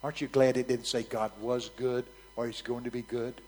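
A man preaching a sermon, telling a story vividly in a frank, conversational way that swings from soft near-whispers to loud, emphatic bursts. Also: mid-range voice, little pitch movement, fairly quick, rough recording.

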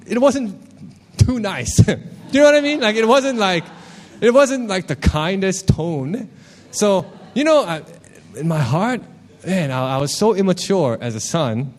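A man preaching in a loose, conversational way, his somewhat high voice swinging widely as he tells a personal story. He speaks with an animated, storytelling manner, full of asides to the congregation. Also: measured pace. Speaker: worship leader preaching. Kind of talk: sermon.

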